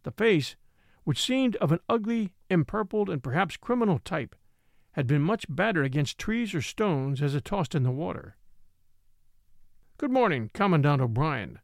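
A man's voice: normal speed, gravelly, no echo, clean studio sound. A man reading a mystery story aloud as narrator, giving each character a shift in voice. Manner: reads all characters with lively shifts in pitch. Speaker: audiobook narrator.

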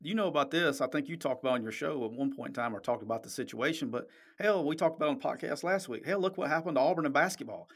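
A man's voice: fairly high pitch, very fast, few pauses, slightly rough. A man hosting a podcast, talking sports in a blunt, emphatic, profane way and often checking "okay?". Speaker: podcast host. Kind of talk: casual sports talk.

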